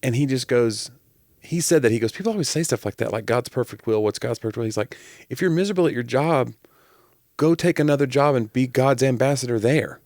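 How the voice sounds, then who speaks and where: A man's voice: mid-range voice, fairly quick, a little mellow, dry recording, studio quality. A man co-hosting a podcast, joking around and slipping into silly voices as he talks. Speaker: podcast co-host. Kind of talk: casual chat.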